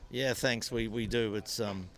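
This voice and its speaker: Older Kiwi ex-racer telling stories. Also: male voice, lowish voice, a little slow. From New Zealand. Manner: animated anecdotes with frequent restarts. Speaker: former motorcycle racer and businessman. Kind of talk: interview, storytelling.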